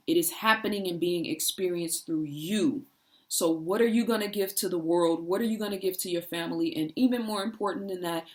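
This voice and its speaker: A woman with a somewhat low-pitched voice delivers an inspirational, spiritual monologue. She talks earnestly and repeats rhetorical questions in long, building lists. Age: adult parent. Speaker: spiritual speaker.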